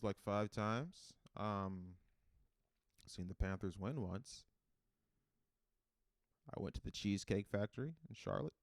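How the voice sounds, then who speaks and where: A man hosting a solo comedy podcast, rambling in a deadpan, self-mocking way. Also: low-pitched, creaky, dry recording.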